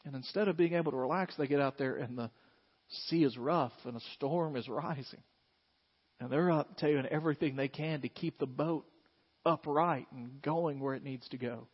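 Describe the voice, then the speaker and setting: A man, preaching a sermon in an animated way and acting out scenes. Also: medium pitch, moderate pace, breathy edge. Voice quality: animated, acts out scenes with shouts. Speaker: pastor. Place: church hall. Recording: muffled sound in a long-reverb hall.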